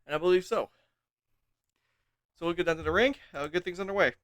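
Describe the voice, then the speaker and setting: A man commentates on wrestling while he is out of breath, rambling casually and joking at his own expense. His voice sits a bit high. The recording is dry and close. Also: fairly quick, fairly bright tone, no echo. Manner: rambling, self-mocking asides. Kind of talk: casual game-league commentary. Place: indoors at a desk chair.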